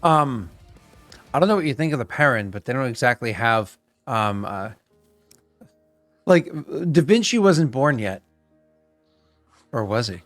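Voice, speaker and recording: A man's voice: medium pitch, expressive, measured pace, pauses often, a bit bright, dry recording, faint music behind. A man acting as game master of an online tabletop game, laughing often and stammering through restarts.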